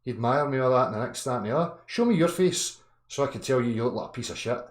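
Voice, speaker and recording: A man's voice: mid-range voice, animated, fast. Swearing man ranting, roomy echo. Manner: angry, profane, swings from muttering to shouting. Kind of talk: ranting live chat. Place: indoor room.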